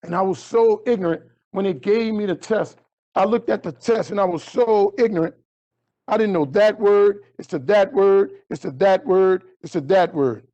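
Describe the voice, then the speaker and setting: A man's voice: moderate pace, lo-fi sound. A man giving a motivational talk, telling a story and acting out every line of dialogue. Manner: animated storyteller acting out dialogue with big pitch jumps. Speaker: motivational speaker. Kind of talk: storytelling keynote speech.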